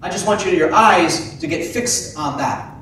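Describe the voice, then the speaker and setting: A man preaching a sermon as pastor, animated, acting out the voices of biblical figures. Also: sits high, a little slow, a little hiss or hum. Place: church sanctuary. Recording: echoey church from a distant mic.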